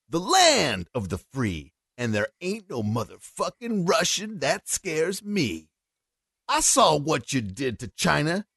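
A swaggering, foul-mouthed American blowhard, as a man reads him out. The delivery is loud and cocky, bouncing lively in pitch. The recording is close and dry. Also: vocal fry, breathy edge, no room sound, exaggerated voice. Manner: loud, cocky, profane declamation. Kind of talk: comedic dramatic reading.

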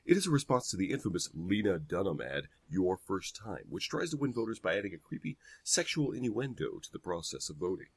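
A husky, mid-pitched male voice that moves through a lively range. He reads a political ad description aloud and keeps breaking off for sardonic jokes. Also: brisk, hardly any pauses. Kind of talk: casual comedic reading and chat.

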